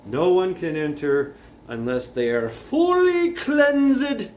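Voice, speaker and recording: Man doing a stern old monk teacher, slow and deliberate, roomy echo. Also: sits high, big pitch swings, darkish tone, pitched above the performer's own voice, heavily acted. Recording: roomy echo, faint background noise.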